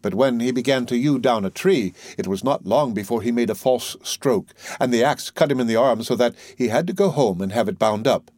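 Man reading an old fairy tale aloud, measured and even, mid pitch, dry close sound. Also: no room sound. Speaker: narrator. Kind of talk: storybook reading.

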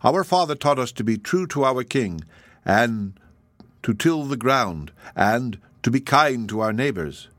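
A man's voice: mid-range voice, animated, a little slow, a bit bright, no room sound. A man voicing a humble peasant laborer.

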